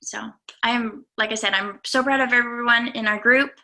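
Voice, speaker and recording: A young adult woman, a golf coach, giving an earnest, halting talk to her students with many pauses and fillers. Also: fairly high pitch, fairly even intonation, sharp tone, a little hiss or hum. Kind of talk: speech to students.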